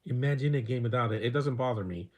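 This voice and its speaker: A man's voice: mid-range voice, fast, darkish tone. A man giving casual live commentary over a movie, rambling from one opinionated aside to the next.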